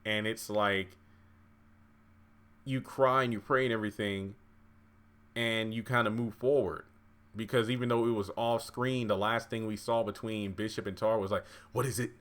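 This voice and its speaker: A man's voice: fairly low pitch, steady tone, moderate pace, long pauses, a bit bright. A man giving a casual, rambling recap of a TV episode, chatty and full of fillers and side stories. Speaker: TV recap vlogger.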